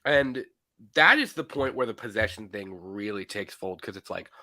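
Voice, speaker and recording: A man co-hosting a casual movie podcast, talking in an animated way, often acting out lines from scenes and laughing. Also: on the low side, normal speed, dry recording. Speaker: podcast co-host.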